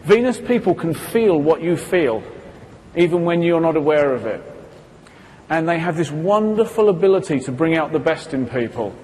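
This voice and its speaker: A man's voice: a little high, sing-song, moderate pace, darkish tone. A man presenting a live talk to an audience from a stage, asking them questions and acting out little quoted exchanges. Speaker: seminar presenter. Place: stage in a hall. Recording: reverberant hall, faint background hiss.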